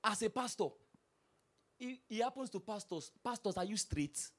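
A Nigerian-accented male pastor delivers a sermon with a high, bright voice. His pitch leaps around as he jokes and fires rhetorical questions at the congregation. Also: moderate pace. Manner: animated preaching with humor and repeated rhetorical questions.

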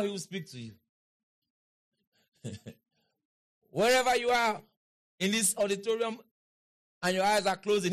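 A man preaching a sermon in an auditorium, leading the crowd in call-and-response and building to shouts and chants. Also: sits high, lively intonation, a little slow, pauses often. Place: large auditorium.

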